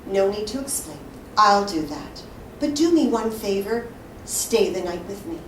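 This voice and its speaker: A woman voicing a gentle, wise young bride with a donkey's head, speaking softly and sweetly, recorded from a distance in a roomy space. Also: medium pitch, unhurried, close to an everyday voice. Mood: tender. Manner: soft, sweet and calm. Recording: roomy, distant live mic, faint hiss.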